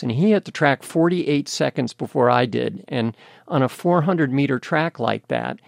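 An older man from the United States speaks as an interview guest, with a gravelly, creaky edge to his mid-pitched voice. He tells his story candidly and steadily, recorded close and dry. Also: no room sound. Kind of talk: interview conversation.

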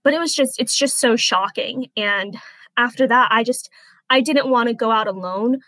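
A woman in her twenties, an interview guest, recounting a personal experience in an earnest, halting way that turns softly emotional. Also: on the high side, no room sound, poor audio. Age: 20s.

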